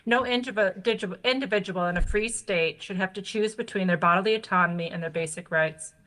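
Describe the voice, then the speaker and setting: Bright-voiced woman reading prepared testimony. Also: medium pitch, brisk. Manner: formal, steady, read from notes. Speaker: advocacy group member testifying. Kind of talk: prepared testimony read aloud.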